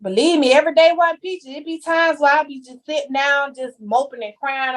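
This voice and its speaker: A woman's voice: high voice, fairly even intonation, fast talker, few pauses. A young woman talking candidly as a podcast guest, telling her story with heavy slang and emphasis. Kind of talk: casual chat.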